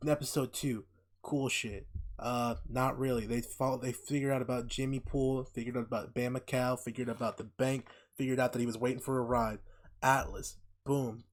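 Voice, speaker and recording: A man co-hosting a casual podcast, recapping a TV show in a profane, animated way and acting out the characters' lines. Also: medium pitch, normal speed. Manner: profane, animated retelling with acted-out quotes. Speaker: podcast co-host.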